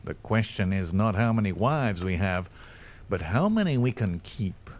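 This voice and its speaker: A man's voice: lowish voice, sing-song, a little slow, darkish tone. A man voicing a vain, smirking rich young man who brags and threatens. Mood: smug. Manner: smug, scolding, self-satisfied.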